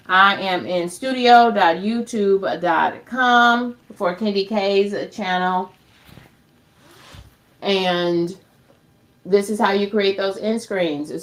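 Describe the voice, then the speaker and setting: A woman hosting a casual tutorial livestream, chatty and upbeat, talking to viewers as friends and calling herself by name. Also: on the low side. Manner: refers to herself in third person. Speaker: livestream host.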